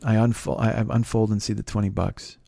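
A man's voice: on the low side, level tone, a little fast, vocal fry, warm tone, dry recording. A man in his fifties, a podcast host telling a story in a blunt, profane, self-critical way. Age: 50s. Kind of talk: storytelling monologue.

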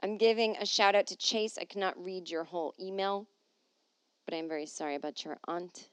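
A middle-aged woman comedian hosts her podcast from home, reading listener emails while chatting loosely and joking at her own expense in a rambling, self-deprecating way. Her low-leaning voice is clear and resonant, at a moderate pace, with no room sound.

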